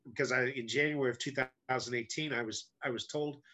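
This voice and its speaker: A man's voice: medium pitch, fairly even intonation, brisk, sharp tone. Middle-aged man, podcast guest; blunt, candid storyteller with wry self-deprecating humor. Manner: blunt, candid, often profane. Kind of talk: casual storytelling in an interview.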